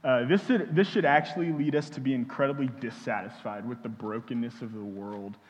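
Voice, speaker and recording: A young man from Houston preaching a sermon, halting often with fillers and restarts as he speaks. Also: mid-range voice. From Houston, Texas. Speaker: pastor. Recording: dull sound in a reverberant hall.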